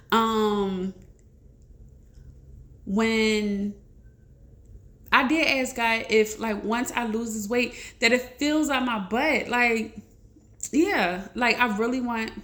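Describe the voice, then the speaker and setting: A woman's voice: medium pitch, fairly bright tone. A woman, sharing a heartfelt personal testimony in a rambling, casual vlog chat to her viewers. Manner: emotional, rambling, talks straight to viewers.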